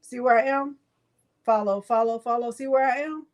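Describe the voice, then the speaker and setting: A middle-aged woman runs a live craft software tutorial with a fairly high voice. She chats easily and calls out to her viewers by name between steps. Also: moderate pace. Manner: chatty, talks to viewers by name while demonstrating.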